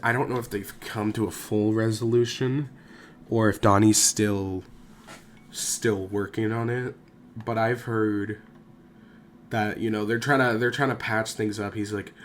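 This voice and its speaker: Low-voiced rambling young man vlogging. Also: slight background noise. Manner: rambling, swears often, self-deprecating. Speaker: YouTuber. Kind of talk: casual rambling monologue.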